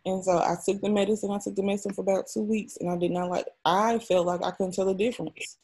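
A woman's voice: medium pitch, level tone, quick pace, darkish tone, slightly rough. A young adult woman, an interview guest, telling a personal story in a raw, emotional and frank way, often swearing.

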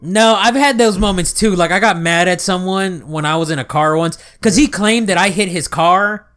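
High-voiced male co-host, dry, profane storytelling. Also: moderate pace, fairly bright tone. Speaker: podcast co-host. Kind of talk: casual podcast chat.

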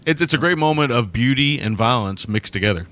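A man discussing films in a casual podcast conversation, laid-back and quick to laugh. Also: mid-range voice, animated, a bit bright.

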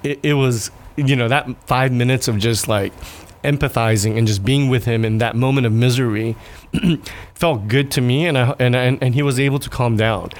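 A man in his thirties speaks as an interview guest at a middle pitch. His delivery is earnest and halting, with many restarts. He breaks into laughter often. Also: steady tone. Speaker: guest, restaurant owner and father. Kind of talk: conversational interview.

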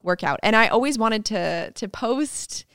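A woman's voice: a little high, animated, unhurried, a bit bright, dry recording, clean studio sound. A woman guest on a podcast, chatting casually and laughing as she acts out what people said to her. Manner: bubbly, laughing, acts out quotes in voices. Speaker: podcast guest, fitness coach. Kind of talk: casual interview chat.

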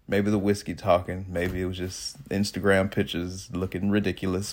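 A man's voice: low voice, moderate pace, few pauses. A man in his late thirties from the Chicago suburbs, telling a story in a casual vlog and laughing often as he goes. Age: late 30s. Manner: animated, laughs often, swings from loud excitement to quiet asides. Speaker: vlogger.

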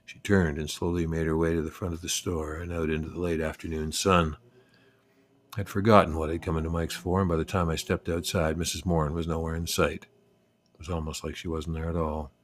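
An older man narrating a personal memoir in a reflective, unhurried, wry way. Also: extremely low pitch, level tone. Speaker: storyteller.

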